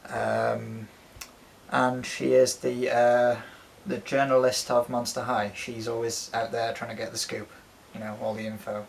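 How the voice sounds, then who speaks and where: A man's voice: mid-range voice, level tone, a little slow, gravelly, a little hiss or hum, poor audio. A man chatting casually at home about his collection, rambling with lots of ums and frequent swearing. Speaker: doll collector and co-host. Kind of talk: casual chat showing a collection.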